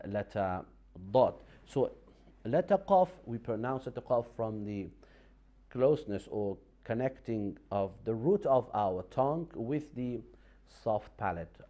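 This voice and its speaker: A man teaching Quran recitation on a TV lesson, explaining pronunciation patiently in a halting way, with many fillers and restarts. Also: lowish voice, warm tone.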